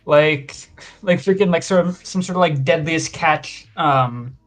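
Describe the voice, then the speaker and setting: A man's voice: a little high, a little slow. Hesitant man groping for words. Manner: hesitant, searching for words with many fillers. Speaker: podcast co-host, artist. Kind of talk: casual chat.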